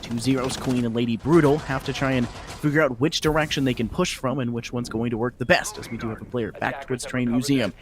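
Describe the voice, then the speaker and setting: A man from the southern United States casting an esports match, chatty and quick to laugh. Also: medium pitch, steady tone. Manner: laughs easily, chatty asides. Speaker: esports caster. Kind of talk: play-by-play commentary.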